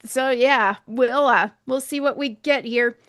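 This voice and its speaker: A woman's voice: high voice, unhurried, fairly bright tone, no room sound. A woman co-hosting a casual bourbon tasting stream, speaking in a dry, hesitant and understated way. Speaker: podcast co-host.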